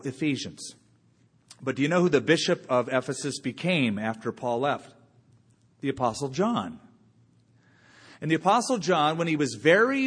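A man's voice: on the high side, a bit bright, slightly rough. Preaching man in a reverberant church. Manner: conversational preaching with slow dramatic pauses. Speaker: pastor. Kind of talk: sermon.

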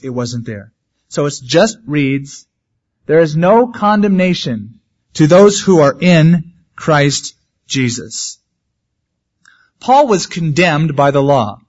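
Guy preaching a sermon, chatty with jokes thrown in, muffled old recording. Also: fairly high pitch. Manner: conversational preaching with humorous asides. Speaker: pastor.

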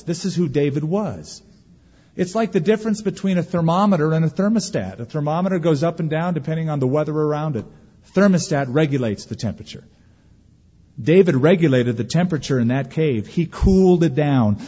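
Husky-voiced man preaching with lively pitch. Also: big-room sound, lo-fi sound. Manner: folksy, humorous preaching with dramatic pauses. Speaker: pastor. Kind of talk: sermon.

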